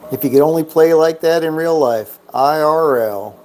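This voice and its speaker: A man's voice: fairly high pitch, normal speed, darkish tone, soft background music. A man giving casual, joking commentary while playing a craps game, chatting to himself and counting bets and chips aloud.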